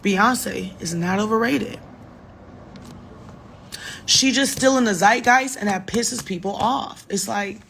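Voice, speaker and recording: A woman's voice: mid-range voice, takes it slowly, gravelly, long pauses, a bit bright, slight background noise. A woman in her thirties, a little drunk, rambling casually and profanely to fans in a late-night phone livestream.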